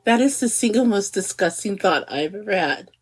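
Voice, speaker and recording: A middle-aged woman co-hosting a podcast in casual chat, animated and giggly, stretching words for emphasis. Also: mid-range voice, normal speed, background noise. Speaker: podcast co-host.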